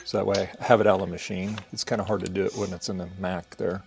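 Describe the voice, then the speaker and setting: A man's voice: sits low, level tone, fast talker, creaky. A man hosting a live stream, explaining step by step what he is doing while repairing a hard drive. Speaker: host. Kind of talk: casual live-stream chat.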